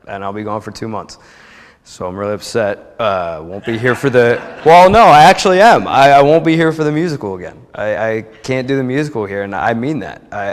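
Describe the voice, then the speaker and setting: Young man rambling through a story in a church. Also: on the low side. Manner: chatty, rambling storyteller with restarts, heartfelt. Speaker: church member giving a testimony. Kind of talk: informal personal testimony. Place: church sanctuary. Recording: long reverb of a church hall.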